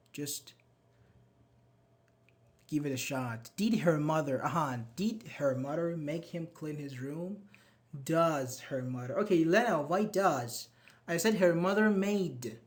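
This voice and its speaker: A man teaching a live online English grammar class, patiently reading out students' chat answers and praising them. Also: fairly high pitch.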